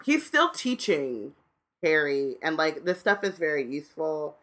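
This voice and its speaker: Woman, lower voice, casual co-host, quippy and slangy. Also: big pitch swings, measured pace, a bit bright. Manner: short reactions, playful slangy quips. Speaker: podcast co-host. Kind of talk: casual chat.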